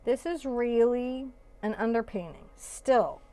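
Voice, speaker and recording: A woman's voice: on the high side, slow pace, mellow. Chatty, laughing woman teaching painting. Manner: chatty, jokey, laughs often. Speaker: painting instructor. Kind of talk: live painting tutorial.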